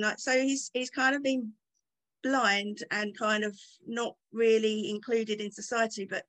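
A woman's voice: fairly high pitch, a bit bright, poor audio. Chatty woman teaching the bible. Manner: conversational, enthusiastic, many fillers.

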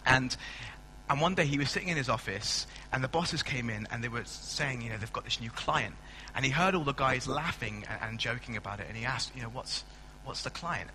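A man's voice: medium pitch, a little fast, pushed and bright, slight background noise. A man preaching a sermon in a church hall on a stand mic, chatty and self-mocking as he tells stories. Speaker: pastor.

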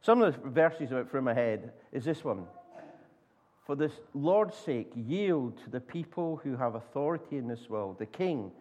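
Scottish preacher telling a lively story. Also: male voice, medium pitch. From Scotland. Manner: animated storyteller, acts out voices, halting restarts. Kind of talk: sermon with storytelling. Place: church.

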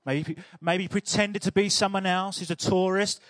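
A man's voice: high-pitched, fairly even intonation, normal speed, a bit bright, dry recording, studio quality. A man preaching a sermon in a chatty, humorous storytelling way.

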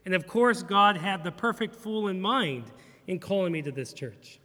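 A middle-aged man, a pastor, preaching a sermon in a church in an animated, humorous way, acting out bits of dialogue. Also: high-pitched, normal speed, big-room sound. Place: church sanctuary.

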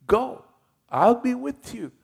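A firm, patient God, voiced by a preacher retelling scripture. He speaks slowly and deliberately, with a gravelly edge. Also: very high-pitched, sing-song, pitched above the performer's own voice, full character voice. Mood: insistent. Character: commanding male God, patient but firm.

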